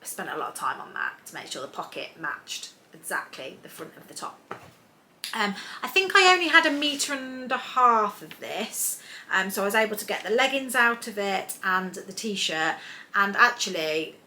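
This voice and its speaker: A woman's voice: mid-range voice, sing-song, normal speed, slight background noise. A woman chatting casually on her sewing vlog, rambling along with lots of ums and restarts. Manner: rambling, warm-hearted, many ums and restarts. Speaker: sewing vlogger.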